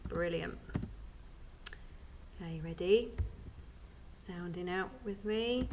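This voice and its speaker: A young woman teaching a phonics lesson to small children, sounding out each letter slowly and encouraging them with praise. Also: lowish voice, a bit bright, a little hiss or hum. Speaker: primary school teacher.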